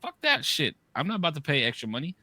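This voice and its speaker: A man in his thirties co-hosting a podcast, telling profane, animated stories and shouting the quoted lines. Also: a little high, quick pace, dry recording. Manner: animated, profane storytelling with loud quoted outbursts. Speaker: podcast co-host. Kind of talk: casual storytelling.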